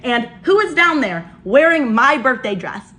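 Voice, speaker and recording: A young woman in her twenties vlogging, telling an exasperated story in an animated way while doing her makeup. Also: high voice, a little slow, slight background noise.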